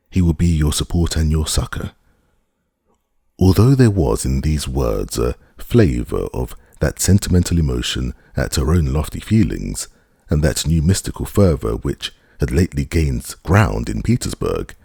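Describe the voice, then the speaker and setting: A man reading a classic novel aloud as an audiobook narrator, with measured, expressive delivery. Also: a bass voice, creaky, breathy edge, dry recording, studio quality. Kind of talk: scripted narration.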